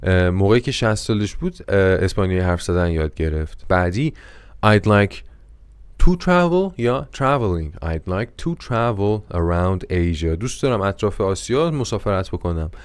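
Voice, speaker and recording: A native Persian-speaking man teaches English in an online class and rattles through his explanations at a very fast clip. His voice sits a little low. He says each English sentence slowly, then races through the translation. The sound is dry and close. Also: expressive, smooth, dry recording.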